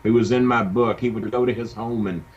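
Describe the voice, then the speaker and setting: A middle-aged man, a wrestling manager telling an animated story in a casual interview. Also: on the low side, fairly quick, slightly rough. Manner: animated anecdote-telling with acted quotes. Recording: dull lo-fi sound with faint hiss.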